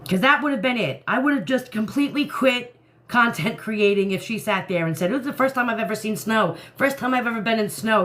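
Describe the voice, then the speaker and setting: A woman hosting a casual live stream, ranting in an animated way and laughing often. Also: medium pitch.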